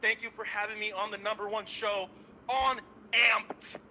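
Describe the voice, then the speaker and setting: A man calling into a show, ranting with loud, cocky excitement and swearing. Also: high-pitched, moderate pace, a little hiss or hum, low-quality recording. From San Francisco Bay Area. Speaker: caller. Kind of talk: hyped fan call-in rant.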